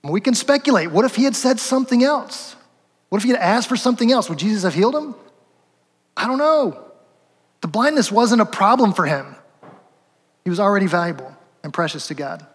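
A man preaching a sermon with a high voice. He talks conversationally and acts out the people in the stories. His voice rings with the long reverb of a large church hall. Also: expressive, brisk, long pauses, husky. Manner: conversational, acts out quotes, chuckles, rhetorical asides. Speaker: pastor.

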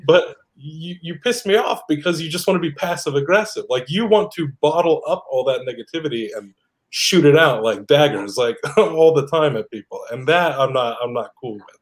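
A man's voice: on the high side, lively intonation, normal speed. A blunt man, a co-host, in casual chat who laughs often.

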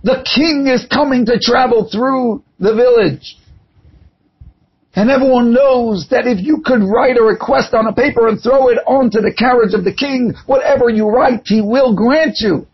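A man preaches with fervor, spinning a parable for his listeners. His voice sits unusually high and comes out husky. The recording sounds dull and lo-fi. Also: normal speed. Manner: impassioned storytelling. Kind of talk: sermon with parable.

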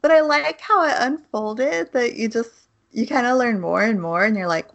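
A woman's voice: fairly high pitch, normal speed, creaky, few pauses, fairly bright tone. A woman co-hosting a podcast in casual chat, laughing often as she retells scenes of a show. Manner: chatty storyteller, laughs often, retells scenes with quoted voices. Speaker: podcast co-host.

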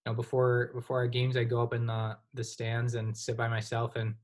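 Young man talking in a flat voice. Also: medium pitch, brisk. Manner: relaxed, rambling, heavy use of "you know". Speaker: guest, college hockey goaltender. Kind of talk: casual podcast interview.

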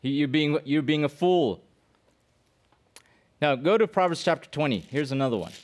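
A man's voice: fairly high pitch, expressive, moderate pace. Male pastor, sermon to students; emphatic, rhetorical questions, repeats himself. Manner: emphatic, asks the audience questions and answers them; repeats and restarts phrases, acts out quoted voices.

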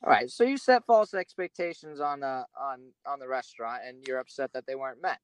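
A man with an ordinary middle-pitched voice needles his co-host with sarcastic pushback. His delivery is dry and teasing. The sound is close and dead, with no echo. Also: a little fast, smooth. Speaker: podcast co-host. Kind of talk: casual chat.

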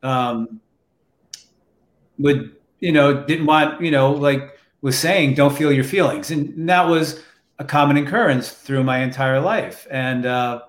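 A man telling a personal story in a slow, reflective, emotional way, with restarts, in casual conversation. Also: mid-range voice. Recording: roomy echo.

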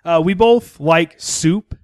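A man's voice: fairly high pitch, slow, no echo. A young man hosting a casual horror podcast, goofy and laughing at himself. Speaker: podcast host.

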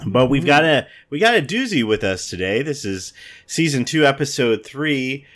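A man's voice: mid-range voice, big pitch swings, moderate pace, fairly bright tone. A man hosting a casual podcast chat, joking and laughing often. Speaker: podcast host.

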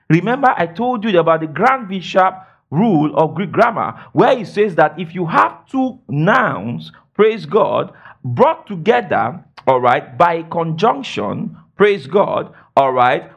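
A man preaching a sermon and teaching the Bible, asking the congregation questions and filling his talk with "praise God" and "all right". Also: fairly bright tone. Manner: emphatic, swoops between high and low.

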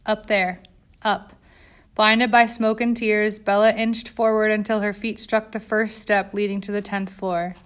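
Woman audiobook reader, mid pitch, tense dramatic narration. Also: flat delivery, unhurried.

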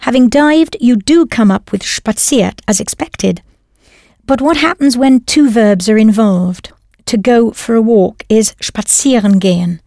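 Here a language teacher, a woman, leads a scripted audio lesson, patiently prompting and then confirming each of the learner's answers. Her voice is a little high and unhurried, with vocal fry and a dark tone, in a dry, clean studio recording.

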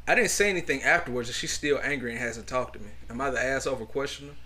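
A man co-hosting a podcast, speaking with a Southern US accent. He reads posts aloud and riffs on them, loose and profane, full of energy. His voice sits at an ordinary pitch. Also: racing, sharp tone, breathy edge. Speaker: podcast co-host. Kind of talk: casual podcast chat.

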